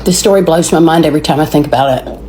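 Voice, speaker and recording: A woman's voice: deep voice, dark tone, a little hiss or hum. A woman with a Southern American accent telling an emotional personal testimony, stumbling and restarting words as she goes. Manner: storytelling, repeats and restarts words, dramatic pauses. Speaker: speaker sharing a testimony. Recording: roomy echoey recording.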